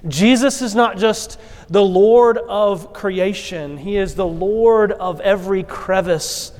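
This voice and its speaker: A pastor delivering a sermon, telling the story with expressive acted quotes. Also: male voice, sits high, takes it slowly. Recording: long hall reverb.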